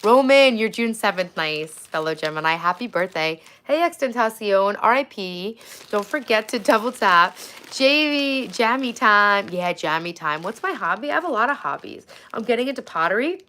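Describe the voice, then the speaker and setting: A woman's voice: medium pitch, expressive, normal speed, sharp tone, slight background noise. Woman, forties, casual livestream host, chatty and friendly with viewers, home setup. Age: 40s. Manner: chatty, thanks viewers by name.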